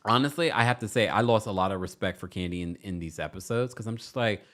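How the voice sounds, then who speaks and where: A man's voice: fairly low pitch, quick pace. A man hosting a casual recap podcast, talking animatedly and acting out what people said. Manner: animated, acts out quotes in voices, laughs often. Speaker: podcast host.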